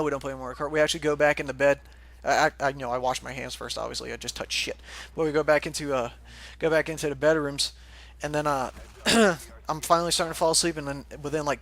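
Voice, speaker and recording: A man's voice: a little high, a bit bright. A young man casually telling a rambling story, laughing often and swearing freely. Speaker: forum moderator telling a story.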